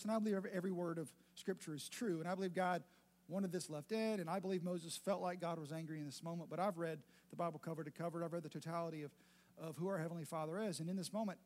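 A man's voice: a little high, quick pace, darkish tone. A man preaching a sermon in a conversational, emphatic way, repeating phrases for emphasis. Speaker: pastor.

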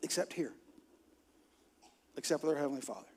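A male pastor preaching with a high, bright voice. He keeps it lively and funny, slipping into quick acted-out quotes. His energy swings from quiet asides to loud bursts. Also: breathy edge. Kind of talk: sermon.

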